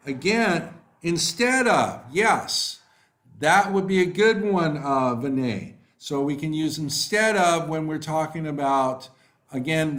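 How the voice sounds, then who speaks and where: A man runs a live online lesson. His voice sits a little high for a man, and he takes his time with frequent "um"s and "so"s. He is warmly encouraging as he reacts to student answers. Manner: encouraging, praises students by name, unhurried with fillers. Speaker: online English tutor. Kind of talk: live online class, reading chat replies.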